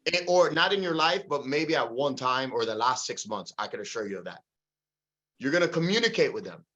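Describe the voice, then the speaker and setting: A man's voice: mid-range voice, brisk, dull audio. A man leading a real estate sales meeting over a video call, calling on team members by name and pushing them to keep going. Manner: energetic, calls on people by name.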